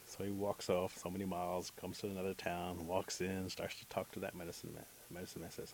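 Man, low gravelly voice, animated storytelling, faint hiss. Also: a little fast, few pauses. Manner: animated, acts out characters' lines. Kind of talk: oral storytelling.

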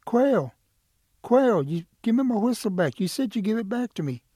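A man voicing a gentle, trusting old male turtle who pleads fretfully in a folk tale. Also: on the high side, expressive, moderate pace, breathy edge, no room sound, clean studio sound. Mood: pleading. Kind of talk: oral folk storytelling.

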